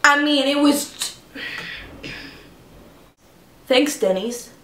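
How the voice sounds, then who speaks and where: A woman vlogger telling a story to camera in a dramatic, animated way. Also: high-pitched, drawn-out words, heavy background noise. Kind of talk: storytime vlog. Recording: echoey room.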